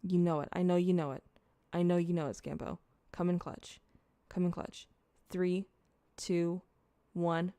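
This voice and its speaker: Young woman streamer, loose rambling chat, cusses a lot, gravelly fry in the voice. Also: fairly low pitch, steady tone, moderate pace, few pauses, dark tone, dry recording. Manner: chatty, rambling, swears freely, talks to chat. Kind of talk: casual livestream chat, eating on camera.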